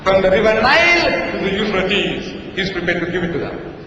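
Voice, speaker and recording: A man with a high voice gives a sarcastic, emphatic debate speech full of rhetorical questions. He is recorded from a distance in a large, echoing hall with a long reverb. The sound is dull and lo-fi. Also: sing-song, normal speed, bright, forceful tone.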